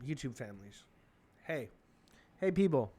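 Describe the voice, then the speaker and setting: A young man hosting a comedy podcast, rambling through an excitable, profane monologue. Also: mid-range voice, unhurried, slight background noise.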